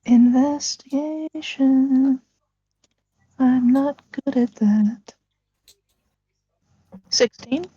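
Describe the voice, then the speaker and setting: A woman player in a tabletop role-play game, talking in a low-key, matter-of-fact way. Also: drawn-out words, pauses often, warm tone, husky, dry recording, highs cut off.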